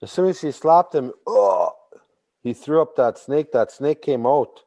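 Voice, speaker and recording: Slow-paced male oral storyteller. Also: mid-range voice, dull audio. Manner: slow, repetitive, with sudden animated emphasis. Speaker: traditional storyteller.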